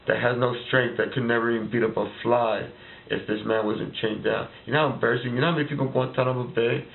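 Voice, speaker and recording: A man's voice: mid-range voice, vocal fry. A man delivering a heated political rant, firing off repeated rhetorical questions. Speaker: vlogger ranting to camera. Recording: tinny phone-like lo-fi recording.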